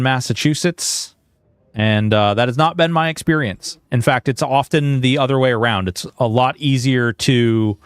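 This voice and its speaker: A man's voice: medium pitch, clear, resonant tone, dry recording, studio quality. A man streaming a video game, talking in an earnest, rambling way into a headset. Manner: earnest, rambling, with many restarts. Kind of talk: livestream chat and game commentary.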